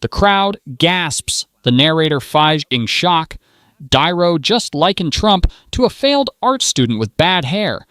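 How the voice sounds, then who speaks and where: A man narrates a scripted celebrity-gossip roast in a mocking, punchline-driven way. His voice sits fairly high and leaps around expressively, and the recording is dry and close. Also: sing-song, measured pace, a bit bright, no echo. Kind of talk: scripted sarcastic commentary narration.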